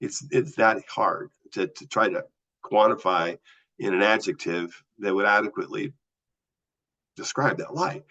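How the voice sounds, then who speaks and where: Gravelly low-voiced man telling his story. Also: unhurried. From US Southwest. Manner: animated storyteller acting out dialogue. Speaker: guest. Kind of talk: personal storytelling. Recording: slightly dull lo-fi audio.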